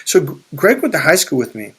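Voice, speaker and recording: A spiritual and life coach speaks a little fast in a high-ish, sharp voice with big pitch swings and a breathy edge. His story for viewers is casual and rambling, sprinkled with profanity and frequent restarts.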